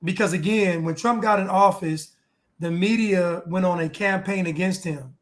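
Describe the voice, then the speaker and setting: A man's voice: high voice, moderate pace. A man co-hosting a casual political talk show, heated and insistent, repeating his points. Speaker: co-host.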